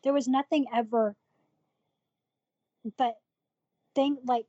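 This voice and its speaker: A woman with a fairly high voice tells a personal story in an interview, candid and animated, voicing the people in it as she talks. The sound is dry and a little dull and lo-fi, as if from a basic setup. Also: takes it slowly, dry recording. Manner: candid, animated retelling with quoted dialogue. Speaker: podcast guest.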